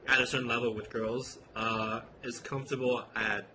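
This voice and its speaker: Casual male host, laid-back questions, mid pitch, noisy background. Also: flat delivery, normal speed, bright, forceful tone. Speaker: podcast host. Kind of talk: casual conversation. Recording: clear background noise.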